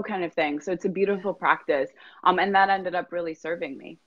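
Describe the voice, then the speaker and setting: Animated woman coach, slightly muffled audio. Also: fairly low pitch, fairly quick. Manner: animated storytelling, acts out clients' voices, swears freely, laughs often. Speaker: life coach and podcast guest. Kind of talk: casual interview chat.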